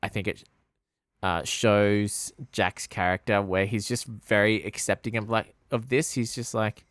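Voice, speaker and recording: A man with a low, smooth voice recorded dry and close. He talks through a film on a podcast in a thoughtful, halting way, pausing on fillers as he works out his point. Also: level tone, a bit bright, no echo. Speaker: podcast co-host. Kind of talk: casual movie review chat.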